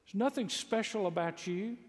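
High-voiced pastor in a big echoing hall. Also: male voice, moderate pace. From Mississippi. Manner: folksy storytelling with humor, builds to loud exclaims. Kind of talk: sermon. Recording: long echo of a large hall.

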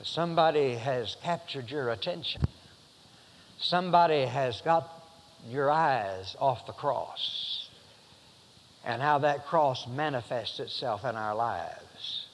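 A man's voice: a little high, expressive, slow, pauses often, in a large hall, a little hiss or hum, low-quality recording. A man preaching a sermon, rambling with many fillers and restarts, then building to emphatic passages.

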